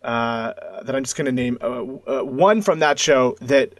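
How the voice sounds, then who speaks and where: A man's voice: medium pitch, animated, measured pace, no echo. Enthusiastic man, dry close sound. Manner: enthusiastic, stammers at starts. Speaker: podcast co-host. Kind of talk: casual chat.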